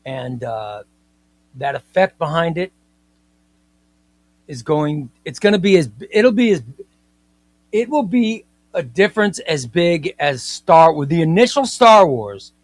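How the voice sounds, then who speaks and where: A man hosts a casual comics livestream, pitched a little high for a man. He talks emphatically and circles back to repeat his points, and he reads viewer comments aloud. The sound is close and dry, with no room in it. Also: animated, slow, long pauses, no room sound.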